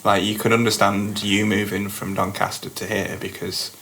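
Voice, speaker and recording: A man's voice: on the low side, little pitch movement, normal speed, vocal fry, fairly bright tone, a little hiss or hum, poor audio. A man co-hosting a comedy podcast, riffing in dry, absurd free-association during casual chat. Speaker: podcast co-host.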